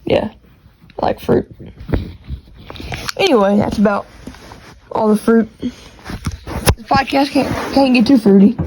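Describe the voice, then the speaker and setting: A woman with a thick Texas country accent hosting her own podcast from her bedroom, talking quickly and rambling with restarts, recorded on earbuds and a phone. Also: medium pitch, noisy background. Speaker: podcast host. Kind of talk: casual solo podcast chat. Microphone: AirPods with iPhone recording.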